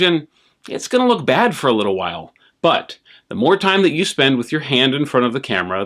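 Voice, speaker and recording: A man's voice: medium pitch, a bit bright. A man hosting a puppetry tutorial, explaining technique in an encouraging, conversational way. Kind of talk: casual instructional talk.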